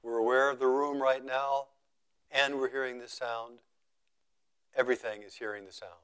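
Calm male meditation teacher, trailing off softly. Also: mid-range voice, smooth. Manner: slow, measured, repeating phrases for emphasis; voice often trailing off quietly at phrase ends. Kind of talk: contemplative dharma talk.

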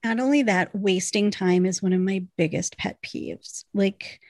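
A woman in her thirties, a podcast co-host, recapping a TV episode in casual, animated chat. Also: medium pitch, unhurried, no room sound, studio quality. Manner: animated storytelling, acts out quotes with laughs.

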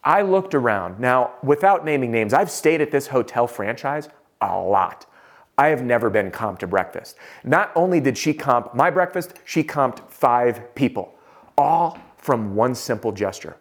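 A man teaching sales, telling a self-deprecating story in an animated, conversational way. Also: medium pitch, a little slow. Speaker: sales trainer.

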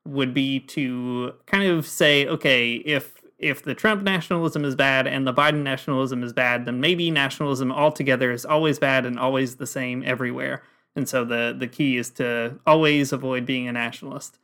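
A man co-hosting a podcast with an ordinary mid-pitched voice. He walks through his ideas in a thoughtful, explanatory way, keeping the tone relaxed and conversational. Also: normal speed, clear, resonant tone. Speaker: podcast co-host. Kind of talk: casual podcast chat.

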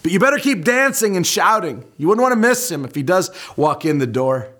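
A man's voice: medium pitch, sing-song, a little slow, darkish tone, husky. A preacher acting out a sarcastic male prophet who mocks his rivals, in a taunting, teasing manner. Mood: mocking. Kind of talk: sermon storytelling.

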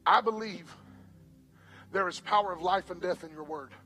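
A man's voice: high-pitched, moderate pace, pushed and bright, soft background music, low-quality recording. A male pastor preaching a sermon in a church, telling a joke and directing helpers in an emphatic way. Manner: emphatic, storytelling.

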